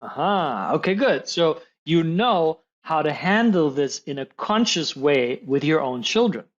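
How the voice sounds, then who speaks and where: Male coach guest, expressive and animated, slightly muffled lo-fi recording. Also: fairly high pitch, measured pace. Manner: animated, acts out voices of others in examples. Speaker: high-performance coach, podcast guest. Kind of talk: coaching conversation.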